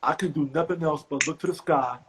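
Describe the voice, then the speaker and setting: A middle-aged man from the US East Coast, a comedian guest telling profane stories with animated, high-pitched acted quotes. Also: brisk, slight background noise, rough recording. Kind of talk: animated storytelling.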